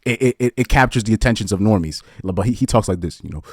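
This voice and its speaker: A man shares blunt opinions in loose, rambling podcast commentary. He often restarts his sentences and chuckles between points. His voice is on the low side, and the recording is dry with no room sound. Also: expressive, fast, darkish tone, husky, dry recording.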